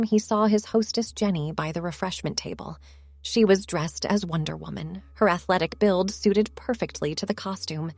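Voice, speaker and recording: A woman reading a story in calm, scripted narration. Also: mid-range voice, no echo.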